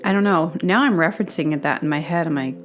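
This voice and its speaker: A woman's voice: low-pitched, fast, faint music behind. Chatty woman host telling a story. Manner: chatty, rambling, many fillers and restarts; acts out quoted dialogue with bursts of excited laughter. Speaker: podcast host. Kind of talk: casual storytelling monologue.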